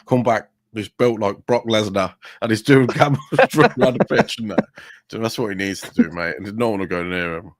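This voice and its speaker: A man talking football casually, animated and sweary, calling his co-host "mate". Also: lowish voice, fairly quick, no echo. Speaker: podcast co-host.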